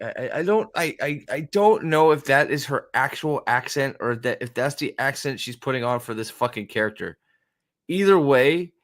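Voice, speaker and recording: A man's voice: mid-range voice, fairly bright tone. A young man hosting a show review, giving profane, exasperated, sarcastic reaction commentary as he watches an episode.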